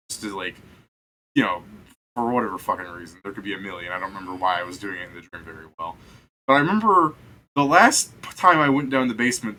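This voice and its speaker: A man's voice: mid-range voice, sharp tone, slight background noise. A young man, the game master, telling a long rambling story in casual chat, swearing often and laughing.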